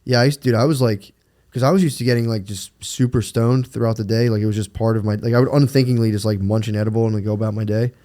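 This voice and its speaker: A man's voice: on the low side, steady tone, quick pace, warm tone. A man in his thirties co-hosting a podcast, chatting in a laid-back way, swearing often, laughing and reading out listener questions. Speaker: podcast co-host. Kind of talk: casual chat.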